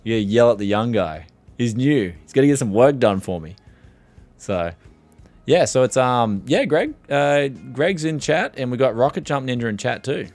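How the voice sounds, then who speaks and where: A man's voice: mid-range voice, moderate pace, faint music behind. A man with a strained voice, hosting a tech livestream in rambling casual chat and reading out questions from viewers. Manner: rambling, animated, reads chat questions aloud. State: strained voice from yelling.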